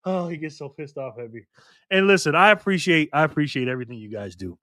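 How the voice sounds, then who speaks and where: A man hosts a long, casual livestream late into the night. He sounds worn out but keeps laughing as he reads the chat aloud. His voice sits a little high and is captured dry and close to the mic. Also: lively intonation, fast talker, bright, forceful tone, no room sound. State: tired. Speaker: livestream host.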